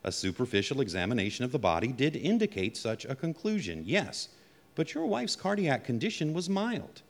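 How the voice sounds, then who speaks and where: An actor playing a measured, probing psychiatrist who calmly accuses a patient in a 1940s-style radio drama. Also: male voice, mid-range voice. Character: probing, calm psychiatrist doctor. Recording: old radio drama, reverberant.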